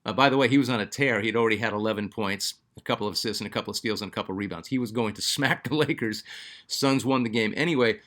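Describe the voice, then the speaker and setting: A sports channel host with a lowish, slightly bright voice talks fast on his basketball fan channel. He chats casually and reads out viewer comments, filling his speech with fillers and restarts.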